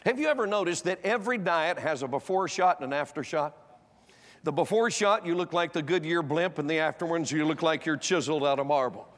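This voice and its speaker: An older man preaching a sermon, emphatic, moving between loud exhortation and hushed personal storytelling. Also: fairly high pitch, fairly quick. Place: church auditorium. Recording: long hall reverb.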